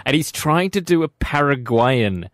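Laughing radio quiz host. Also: male voice, medium pitch, expressive, measured pace, dry recording, studio quality. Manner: laughs often, teasing quizmaster.

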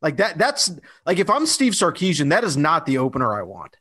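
A man's voice: fairly high pitch, wildly swooping pitch, a little fast, bright, forceful tone, husky. A man co-hosting a podcast in casual chat, talking loosely with many fillers and restarts. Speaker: podcast co-host.

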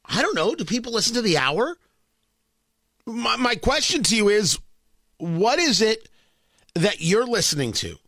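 A man's voice: high-pitched, sing-song, unhurried, pauses often, fairly bright tone, dry recording, clean studio sound. A man hosting a morning radio show, joking and stammering as he chats. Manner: joking, stammering, repeats words. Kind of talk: casual morning radio chat.

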